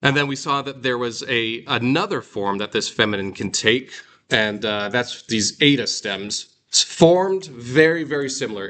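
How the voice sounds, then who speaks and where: A man's voice: medium pitch, moderate pace, fairly bright tone, a little hiss or hum. A man teaching a classroom lecture, drilling word endings aloud and checking in with his students. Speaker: Greek teacher.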